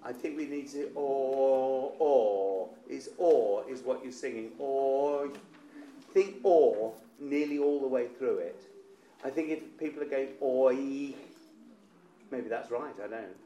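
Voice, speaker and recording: Choir director in an echoey room. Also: male voice, medium pitch, a little slow, dark tone, muffled recording, a little hiss or hum. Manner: encouraging, demonstrates vowels by singing. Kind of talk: choir rehearsal coaching. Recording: roomy echo with faint instrument.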